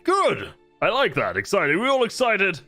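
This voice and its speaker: A jolly, vain knight-marshal in gleaming armor greets new recruits in a tabletop fantasy game, as a man puts him on. The voice rides high and lively, full of swagger and playful jabs. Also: normal speed, faint music behind, full character voice. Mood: jovial. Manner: jovial, theatrical, teasing. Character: cheerful boastful male academy marshal in shining plate.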